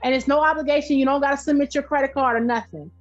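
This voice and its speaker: A middle-aged woman, a podcast guest and entrepreneur, talking in a loud, direct, animated way and telling stories with laughs. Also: sits high, very fast, soft background music. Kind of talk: casual interview chat. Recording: dull lo-fi sound.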